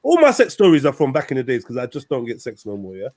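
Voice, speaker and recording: A man's voice: fast talker, no echo. A young man hosting a crude, joking chat show, telling stories in a boisterous way. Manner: joking, boisterous storytelling with animated pitch swings. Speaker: show host. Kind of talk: crude casual banter.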